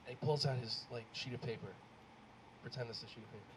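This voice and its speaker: A man doing a stand-up comedy set on a club stage, rambling and animated with lots of fillers. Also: medium pitch, quick pace. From Arab American. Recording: live club mic with faint crowd noise.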